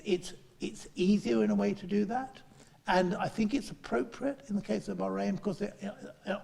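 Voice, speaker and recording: A middle-aged man chairing a panel and giving a speech, halting and restarting often as he talks in a meeting room in Parliament. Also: fairly high pitch, gravelly, mellow, big-room sound. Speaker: chair and politician.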